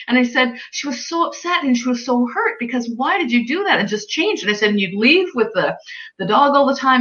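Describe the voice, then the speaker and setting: A woman guest recounts stories from her work with animals, acting out her clients' words with lively jumps in her voice. Her audio comes through a little dull and lo-fi. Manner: animated storyteller, acts out quoted clients and pets with pitch jumps. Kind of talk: storytelling in casual chat.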